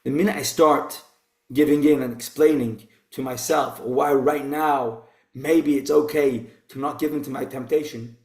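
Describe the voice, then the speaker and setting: A man's voice: medium pitch, darkish tone. A man teaching an informal Torah class in a conversational way, posing rhetorical questions. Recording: roomy echo.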